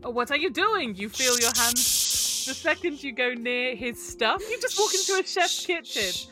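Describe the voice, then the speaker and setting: A woman narrating a tabletop game as game master, playful and animated. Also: high voice, moderate pace, soft background music.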